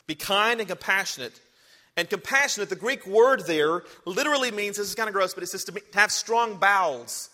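A pastor preaches in a conversational style and then rises to emphatic exhortation. His voice sits high and bright. It carries a long reverb from a large church hall. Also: brisk. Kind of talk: sermon.

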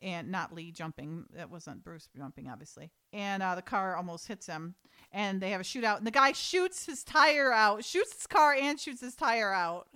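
A woman's voice: medium pitch, expressive, moderate pace, pushed and bright, clear, resonant tone. A woman co-hosting a casual podcast, retelling a TV episode scene by scene and laughing along the way. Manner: chatty retelling, acts out the characters' lines, laughs often. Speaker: podcast co-host recapping a TV episode. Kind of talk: casual chat.

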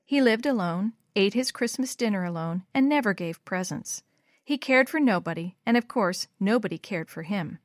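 A woman reads a storybook aloud in a clear, measured voice. Her pitch sits in the middle, and the sound is close and dry. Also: expressive, no room sound. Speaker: narrator. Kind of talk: storybook reading.

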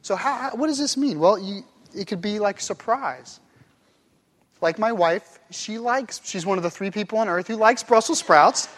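A man's voice: high voice, moderate pace, fairly bright tone. A man preaching a sermon as pastor, playful and demonstrative, acting out one phrase in many different tones of voice. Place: church sanctuary.

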